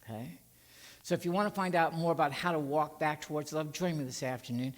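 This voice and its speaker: A man's voice: fairly high pitch, a little fast, long reverb tail. A male minister preaching in a church sanctuary, folksy and coaxing, leading the congregation in call and response. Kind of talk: sermon with congregational singing.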